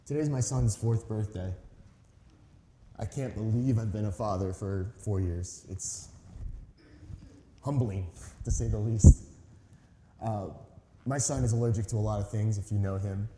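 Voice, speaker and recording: A man's voice: fairly low pitch, unhurried, long pauses, mellow, a little hiss or hum. A man in his thirties preaching a sermon as a pastor, telling a story in a conversational, earnest way with emphatic stresses. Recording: echoey hall reverb.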